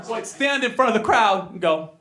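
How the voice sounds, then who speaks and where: A young man born in Korea telling stand-up stories on stage, animated and quick to jump into character voices. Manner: animated storytelling, jumps into high squealing character voices. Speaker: stand-up comedian. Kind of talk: stand-up comedy set. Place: comedy stage with audience.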